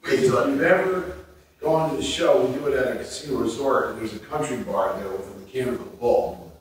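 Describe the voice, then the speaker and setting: A man on a convention memorial panel, telling animated stories with laughter and acting out what people said. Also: medium pitch, fairly quick. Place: convention hall panel room. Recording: echoey hall, audience noise, distant mic.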